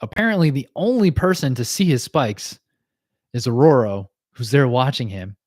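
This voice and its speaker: A man hosting a casual livestream, talking through cartoon episodes with easy laughs and plenty of filler words. His voice sits at an ordinary middle pitch. The sound is dry and close, with no room around it. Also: animated, a little mellow, no echo. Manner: chatty, laughs often, many fillers and quick asides. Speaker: podcast host.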